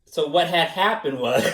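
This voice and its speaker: A man being interviewed, speaking casually, animated and self-mocking, laughing often and slipping into impressions. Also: on the high side. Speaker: interviewee, former student. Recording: echoey room, mic at a distance.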